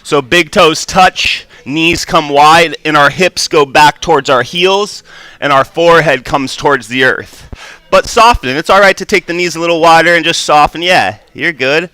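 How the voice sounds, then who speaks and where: A man leading a live yoga class in a studio, calmly cueing poses and breathing with frequent "right?" and "good". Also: fairly high pitch, moderate pace, clean tone, no echo. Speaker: yoga instructor.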